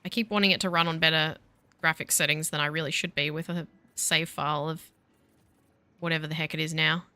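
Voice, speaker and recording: A woman's voice: low voice, steady tone, brisk, sharp tone, no echo. A woman in her thirties chatting casually and with self-mocking sarcasm while streaming a game. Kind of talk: casual live-stream chat while gaming.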